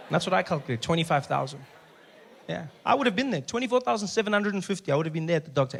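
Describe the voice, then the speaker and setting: A man with a South African accent doing stand-up comedy on stage before a live audience, telling stories in an animated, playful way. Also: sits high, rapid-fire, vocal fry, slightly rough.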